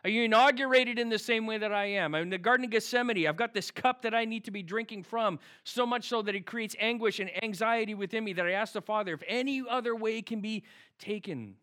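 A man's voice: sits high, fairly quick, pushed and bright. A man speaking as a pastor, praying and then preaching a sermon in a conversational way, full of rhetorical questions. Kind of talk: sermon with prayer. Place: preaching to an online audience at home.

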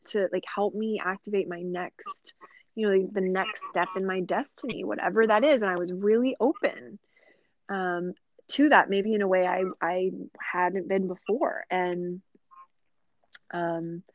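A woman talks easily as a podcast guest, thoughtful and chatty, with plenty of "you know" and light laughter. Her voice is mid-pitched. It comes through a dull, muffled, lo-fi recording with no room echo. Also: steady tone, measured pace. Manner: chatty and reflective, many "you know" fillers, laughs often. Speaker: guest, yoga teacher and mother. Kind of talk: casual podcast conversation. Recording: dull, lo-fi sound.

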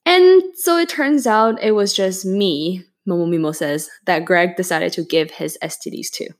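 A woman's voice: on the low side, normal speed. A woman co-hosting a casual podcast, retelling a listener's story with blunt, profane comments and playful teasing. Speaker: podcast co-host. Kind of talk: casual chat.

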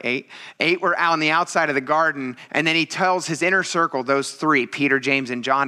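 Guy preaching a sunday sermon, bright voice, loose and jokey, acts out the quotes. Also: medium pitch. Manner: casual, joking preaching with acted quotes. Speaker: pastor.

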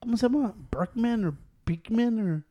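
Man, high voice, fast talker, teasing, profane, Spanish and English mixed. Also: dark tone, highs cut off. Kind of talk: casual banter.

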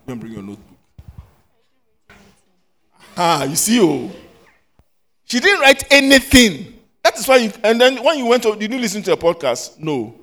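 Animated man quizzing a class. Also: sits high, fairly quick, long pauses. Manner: animated, scolding, rising to loud questions. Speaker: Sunday school teacher.

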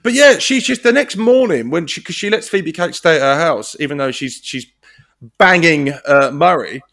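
A man's voice: fairly high pitch, lively intonation, moderate pace, a bit bright. A man co-hosting a casual film chat, swearing often, laughing, and acting out lines from the film. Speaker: podcast co-host.

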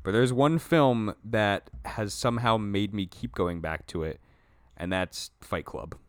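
A laid-back man with a fairly low voice chats candidly about his favorite films on a podcast, swearing now and then. The sound is dry and close. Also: a little slow, no echo. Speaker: podcast co-host. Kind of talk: casual movie chat.

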